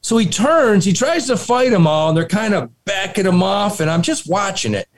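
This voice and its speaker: A man with a fairly high, lively voice tells a wild story to his co-hosts in loose, profane chat. His delivery swings up and down as he builds each beat. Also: normal speed. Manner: animated, swearing, laughing storyteller. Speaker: podcast co-host. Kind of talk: casual storytelling.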